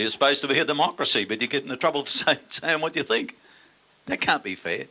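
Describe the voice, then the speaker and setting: A man's voice: medium pitch, fast talker, heavy background noise. An older man with an Australian accent, a stand-up comedian telling crude yarns with blunt, dry punchlines to a laughing audience.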